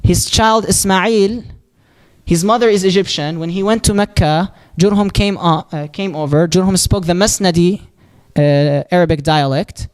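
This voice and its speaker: A man with a high-pitched, clean voice, an Islamic teacher, gives a religious lesson step by step, posing questions and answering them himself. He recites Arabic supplication quickly and softly.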